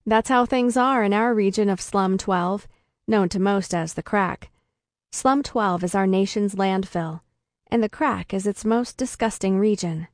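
A woman reading a first-person story aloud in a deadpan comic way. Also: mid-range voice, unhurried, no echo, clean studio sound. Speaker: narrator. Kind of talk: first-person audiobook narration.

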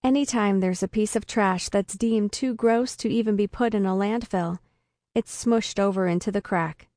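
A woman reading a first-person story aloud in a deadpan comic way. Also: mid-range voice, normal speed, no echo, studio quality. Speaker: narrator. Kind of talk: first-person audiobook narration.

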